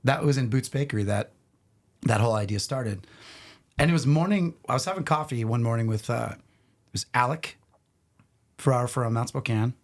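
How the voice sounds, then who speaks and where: Male podcast guest, middle-aged, lively rambling storyteller. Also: mid-range voice, moderate pace, pauses often. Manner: animated, rambling anecdotes with restarts. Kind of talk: casual storytelling.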